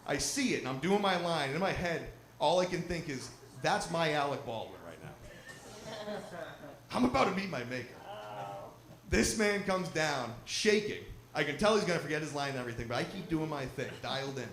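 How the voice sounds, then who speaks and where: A young man doing a stand-up comedy set, telling a profane, animated story at a live show in a lodge. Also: on the high side, a little fast. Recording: roomy live recording with crowd noise.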